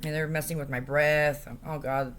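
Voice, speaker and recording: A woman speaking into a phone camera in a rambling, distressed rant, halting and profane, with many fillers. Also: low voice, level tone, fairly bright tone, a little hiss or hum. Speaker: vlogger.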